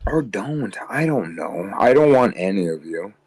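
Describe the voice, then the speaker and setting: A lowish, tired male voice rants crudely and swears constantly on a livestream. He rambles, and his talk jumps from point to point. The sound is dry and close. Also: sing-song, unhurried, darkish tone, slightly rough, no echo, rough recording. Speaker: livestream co-host. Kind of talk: casual livestream rant.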